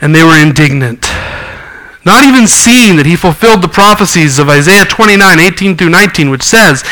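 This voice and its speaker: Bright-voiced preaching man. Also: sits high, lively intonation, fairly quick, poor audio. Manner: earnest preaching with scripture reading and acted quotes. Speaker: pastor. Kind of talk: sermon.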